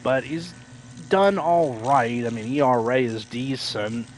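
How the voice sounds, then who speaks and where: A man casually chatting on a game livestream, rambling with lots of fillers and self-corrections, now and then acting out loud excited announcers. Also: slow pace, slight background noise. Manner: acts out quoted announcers with sudden loud high outbursts. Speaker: livestream gamer.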